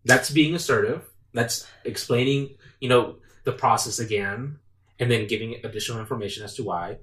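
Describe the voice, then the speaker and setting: A man co-hosting a casual chat, speaking slowly and in a measured, hesitant way. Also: mid-range voice, a bit bright. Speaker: podcast co-host. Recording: echoey room, mic at a distance.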